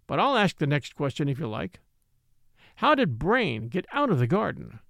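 A man reading the part of an impatient, irritable doctor with sharp, exasperated speech, in an audiobook. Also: a little high, sing-song, moderate pace, vocal fry, no echo, studio quality, exaggerated voice.

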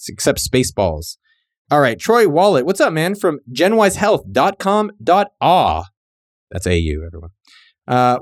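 A man from California, hosting a podcast and giving casual, joking shout-outs to listeners in a laid-back, profane, slangy way. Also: a little high, no room sound, studio quality. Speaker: podcast host.

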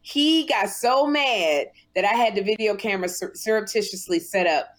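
A woman co-hosting a casual talk show, telling stories in an animated way and mimicking other people's voices. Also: mid-range voice, normal speed. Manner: animated storyteller, mimics voices in her anecdotes. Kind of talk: casual chat.

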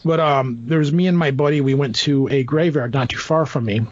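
A middle-aged man with a slightly high voice tells a rambling personal story, slipping into the voices of people he quotes. The recording sounds dull and lo-fi, with a dry, close sound. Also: brisk, no room sound. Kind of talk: casual storytelling.

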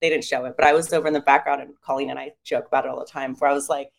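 Low-voiced chatty young woman. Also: rapid-fire, vocal fry. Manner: chatty storytelling, quotes herself in lively voices. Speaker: guest. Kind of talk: casual chat.

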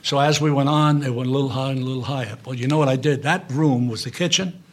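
An older man with a New York accent telling lively, salty stories as a guest in an interview, acting out quotes as he goes. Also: medium pitch, quick pace. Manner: animated, salty, acts out quotes. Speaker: guest actor. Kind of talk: storytelling interview. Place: private club room.

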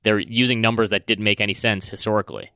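A man in casual podcast conversation, his voice sitting low but sounding bright and forceful. His tone is smooth and clear, close and dry with no room sound. He talks in a chatty, animated way, often putting on quick impressions. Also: no room sound. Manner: animated, chatty, acts out quotes. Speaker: podcast co-host.

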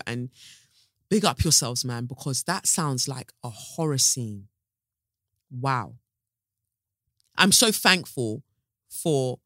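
A woman's voice: sits low, fairly bright tone, no echo, clean studio sound. A woman hosting a podcast, talking in an impassioned, angry monologue full of swearing and repetition, then turning reflective as she thinks aloud. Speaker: podcast host.

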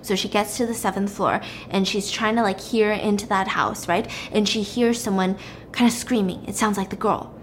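A woman casually recapping a drama's plot in an animated, chatty way, peppering it with fillers. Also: mid-range voice, normal speed, slight background noise.

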